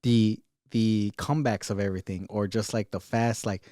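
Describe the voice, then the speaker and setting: A man's voice: on the low side, steady tone, normal speed, mellow, no room sound, studio quality. A man co-hosting a podcast, chatting casually and acting out lines and laughing as he retells scenes. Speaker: podcast co-host. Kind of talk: casual chat.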